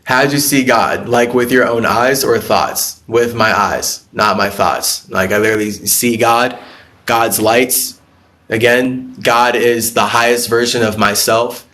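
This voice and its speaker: A man with a voice of ordinary, middle pitch holds forth on a spiritual live stream. He is blunt and profane, rambling from one idea to the next, answering viewer comments and often breaking into laughs. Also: fairly even intonation, unhurried, sharp tone.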